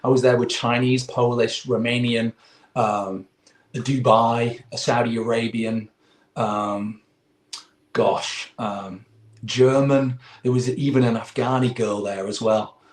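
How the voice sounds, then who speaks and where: A man in his forties from England with an English accent, a guest in an interview, telling a long story in a rambling, animated way. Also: mid-range voice, slow, roomy sound. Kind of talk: casual chat.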